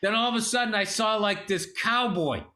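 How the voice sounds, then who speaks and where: A middle-aged man on a casual comedy podcast, telling an animated story full of swearing. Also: sits high, fairly quick. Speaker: podcast co-host.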